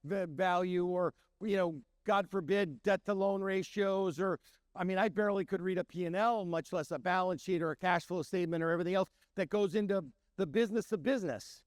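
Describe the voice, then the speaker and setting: A middle-aged man, a chef and restaurant owner, telling stories in an animated way and acting out the voices of the people he quotes. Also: sits high, brisk, smooth, no echo, studio quality. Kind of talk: storytelling talk.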